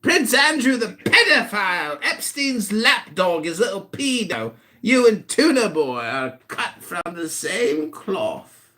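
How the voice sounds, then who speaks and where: This is a man from the United States in his forties, far up in pitch for a man. His voice leaps around as he rants and jeers at a critic during an online room debate. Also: big pitch swings, slow pace. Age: 40s. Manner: loud, mocking, ranting insults. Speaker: political candidate hosting an audio chat room. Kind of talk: heated online chat room argument.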